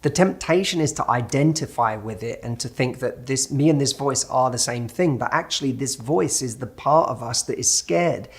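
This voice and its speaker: A man's voice: mid-range voice, moderate pace, few pauses. A man in his thirties, a dating coach, giving an earnest motivational talk straight to the listener and now and then acting out an inner dialogue.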